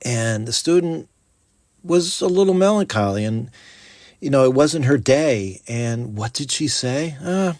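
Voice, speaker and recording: A man's voice: mid-range voice, measured pace, no echo, clean studio sound. A man who is a teacher, talking casually about vocabulary, acting out classroom quotes with lots of fillers. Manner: animated, acts out classroom quotes, frequent fillers. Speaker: teacher and podcast host. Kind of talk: casual educational talk.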